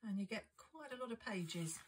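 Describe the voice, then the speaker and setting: A woman's voice: mid-range voice, animated, moderate pace, slight background noise, poor audio. A woman chatting casually and enthusiastically as she unboxes and describes craft supplies for her vlog. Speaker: craft and planner vlogger. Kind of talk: casual haul unboxing chat.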